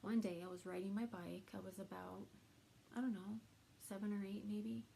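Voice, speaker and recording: A woman vlogger telling a personal story to the camera, soft-spoken and halting, with trailing pauses. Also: medium pitch, steady tone, vocal fry, a little hiss or hum, low-quality recording.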